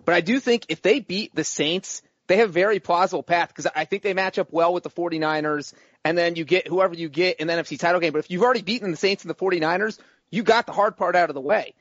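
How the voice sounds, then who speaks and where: Measured man explaining a sports take. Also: high-pitched, fairly bright tone, dry recording, muffled recording. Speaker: podcast co-host. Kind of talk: casual sports betting chat.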